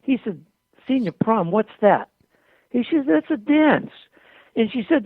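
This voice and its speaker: Older male guest, raised voice, spins lively anecdotes, dry tinny phone-like sound. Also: extremely high pitch, measured pace, pauses often, dry recording. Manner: colorful, animated anecdotes with quoted dialogue. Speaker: interview guest. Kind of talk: storytelling in a conversation.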